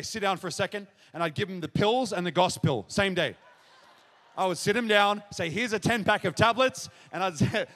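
High-voiced preacher in a hall. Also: male voice. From Australia. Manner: storytelling, acting out dialogue, builds to shouted exclamations. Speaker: pastor. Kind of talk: testimony sermon to a live congregation. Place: large church hall at a revival event. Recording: live hall reverb.

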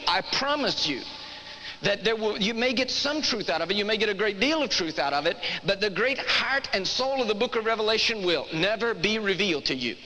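Earnest preacher in an echoey hall. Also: male voice, sits high, bright, forceful tone. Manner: earnest, emphatic, repeats phrases for effect. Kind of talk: sermon with storytelling. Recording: echoey hall, faint background noise.

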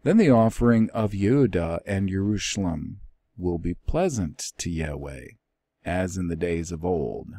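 Man, low slow warm voice, casual scripture teacher, reads with emphasis. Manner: reads passages aloud with rising emphasis, then comments plainly. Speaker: Bible teacher. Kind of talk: informal scripture study with reading aloud.

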